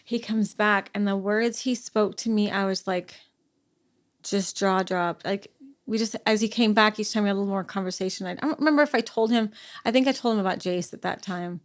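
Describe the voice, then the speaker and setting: A middle-aged woman, a podcast guest, talking through a personal story in a halting way, full of fillers and restarts. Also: mid-range voice. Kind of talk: conversational interview.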